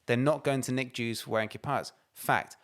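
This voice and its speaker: A man's voice: medium pitch, steady tone, normal speed, a bit bright. A man co-hosting a podcast, ranting and swearing emphatically in casual chat. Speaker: podcast co-host.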